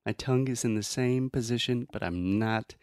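Male pronunciation teacher, easygoing, mid-pitched, dry close sound. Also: moderate pace, smooth, no room sound. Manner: demonstrates sounds, relaxed and friendly. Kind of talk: casual teaching chat.

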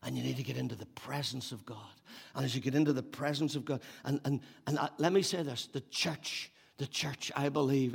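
A man's voice: medium pitch, a little fast, vocal fry, husky. Man, older, preacher, sermon, emphatic repetition. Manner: animated, repeats phrases for emphasis.

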